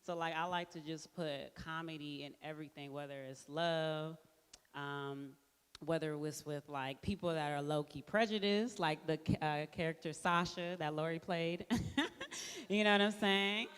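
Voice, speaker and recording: Deep, smooth-voiced woman in an echoey hall. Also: normal speed. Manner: relaxed, laughs often, says like a lot. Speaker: filmmaker answering questions at a premiere. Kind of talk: casual panel talk.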